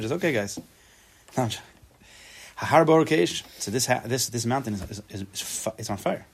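A man teaching a relaxed Torah class, translating the text phrase by phrase, with joking asides and repeated words as he thinks aloud. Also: mid-range voice, fast. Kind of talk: casual spoken Torah class.

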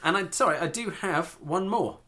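An English man co-hosting a casual podcast chat, rambling and quick to laugh. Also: high-pitched, sharp tone. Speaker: podcast co-host.

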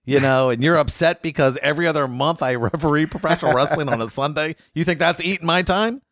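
A man's voice: fairly high pitch, fast, no echo, studio quality. A man, a guest lawyer, telling comic stories in casual podcast chat and acting out the people he quotes. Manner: animated, acts out quotes in loud voices.

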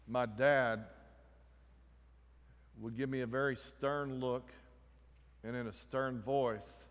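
A man preaching a sermon, swinging between loud emphatic lines and quiet ones. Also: medium pitch, fairly even intonation, takes it slowly, pauses often. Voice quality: emphatic, rising and falling in volume. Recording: echoey hall reverb.

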